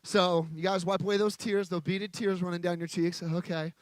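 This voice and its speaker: A man's voice: sits high, steady tone, normal speed, dry recording. A man preaching a sermon from a stage, joking with a live audience in a playful, chatty manner.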